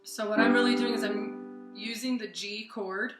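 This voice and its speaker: A woman singing teacher giving a casual vocal lesson, talking through warm-ups in a relaxed, chatty way with plenty of fillers and sung scales between. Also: fairly high pitch, normal speed, roomy sound. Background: piano.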